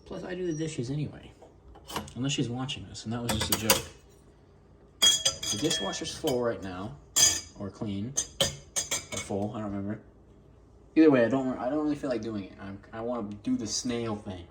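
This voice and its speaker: A man chats casually while filming himself at home, his thoughts wandering as he jokes and scolds his dogs. His voice sits in an ordinary middle range. The camera audio carries a clear layer of household noise. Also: medium pitch, animated, moderate pace, long pauses. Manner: rambling, joking, talks to his dogs. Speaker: vlogger. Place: home kitchen.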